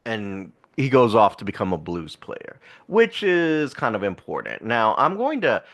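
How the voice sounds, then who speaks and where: A man co-hosts a casual podcast and retells a movie's plot at length. He rambles, backtracks and laughs as he talks, and his pitch jumps around a lot. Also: wildly swooping pitch, a little slow, a bit bright. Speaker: podcast co-host. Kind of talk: casual film review chat.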